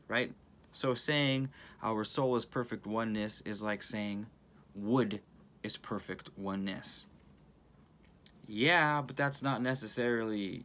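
A man talks straight into his phone camera, excitable and rambling as he works through a viewer's comment. He restarts sentences constantly and drifts off on tangents. His pitch sits right in the middle for a man. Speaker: channel host. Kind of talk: casual spiritual talk filmed on phone.

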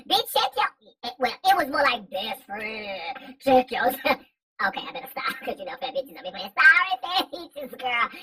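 A man voicing Shaquansha, a brash, cussing woman who gossips and shouts. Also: extremely high pitch, pitched above the performer's own voice, full character voice, low-quality recording. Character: sassy loud-mouthed woman sidekick Shaquansha. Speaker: co-host character.

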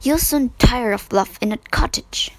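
A woman's voice: fairly high pitch, normal speed, no room sound, natural voice, poor audio. A woman voicing a stern, disapproving wealthy old aunt in a storybook reading. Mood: indignant. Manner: sniffing, disapproving.

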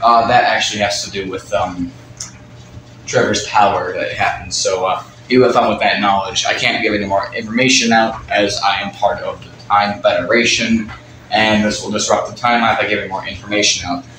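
A man's voice: lowish voice, steady tone, fairly quick, pushed and bright, reverberant, a little hiss or hum, low-quality recording. A man performing a homemade puppet drama, chatty and rambling, who often breaks the fourth wall. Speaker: puppeteer voicing all characters.

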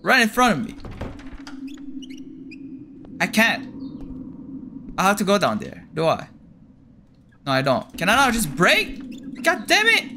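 A man's voice: sits high, wildly swooping pitch, takes it slowly, pauses often, background noise. A man giving horror game commentary, jumpy and panicky but joking and talking to himself as he plays. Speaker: gaming streamer.

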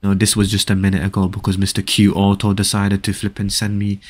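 A man streaming a game live, chatting casually with viewers, excitable and often repeating phrases as he reads chat aloud. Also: lowish voice, brisk.

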